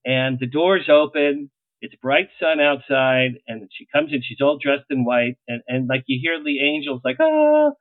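A middle-aged man, a publicist, telling lively anecdotes in an interview and acting out the lines he quotes. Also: mid-range voice, moderate pace, hardly any pauses, no room sound. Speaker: publicist guest. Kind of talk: storytelling interview. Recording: tinny phone-like line, dry.

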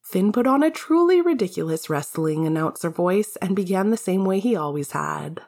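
A woman's voice: lowish voice, lively intonation, normal speed, a little mellow. A woman narrating a fan fiction story in a wry, casual way, swearing freely. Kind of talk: fan fiction audiobook reading.

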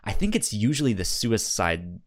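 A man's voice: lowish voice, very animated, normal speed. A man co-hosting a casual podcast chat, talking hesitantly with frequent restarts. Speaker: podcast co-host.

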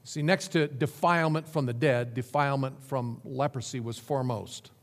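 A man's voice: medium pitch, fairly even intonation, moderate pace. A man preaching a sermon with dramatic emphasis, lists and repetition. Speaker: pastor. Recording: long hall reverb.

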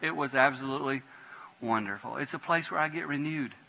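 Sharp-voiced preacher man in a reverberant church. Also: mid-range voice, a little fast, gravelly. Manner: animated preaching, swinging from hushed prayer to loud emphatic bursts. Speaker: pastor. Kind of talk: sermon. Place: church sanctuary. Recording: long hall reverb.

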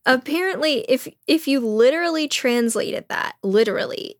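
A woman's voice: on the high side, lively intonation, moderate pace, dry recording, clean studio sound. A young woman co-hosting a casual chat, retelling a play in a chatty way, laughing and acting out the quotes.

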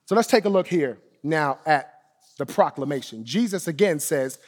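Pastor, male, high voice, emphatic sermon delivery with repeated phrases; long hall reverb. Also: expressive, normal speed. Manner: emphatic preaching, repeats key phrases, drops to soft low endings.

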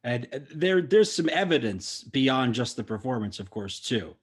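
A man hosting a podcast, asking friendly, measured questions in casual chat. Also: medium pitch, very animated, husky. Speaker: podcast host.

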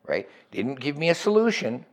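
A man's voice: fairly high pitch, very animated, normal speed. A middle-aged man telling his recovery story as a guest, candid and profane, often checking in with "right?".

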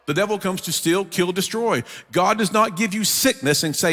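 Man, guest preacher, humorous storytelling sermon, somewhat high voice, long church-hall echo. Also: moderate pace, a bit bright.

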